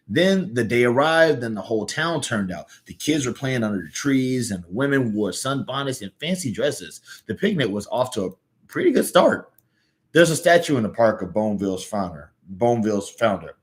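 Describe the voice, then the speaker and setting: A man's voice: medium pitch, natural voice. A man with a Southern US accent voicing an earnest, good-natured little male cartoon hero telling a story.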